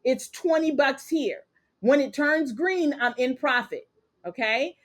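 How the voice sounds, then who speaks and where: Female trading teacher, upbeat and fairly high-pitched, live online lesson, keeps asking "okay?". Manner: brisk, checks in with "okay?" and "capiche?". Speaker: trading instructor.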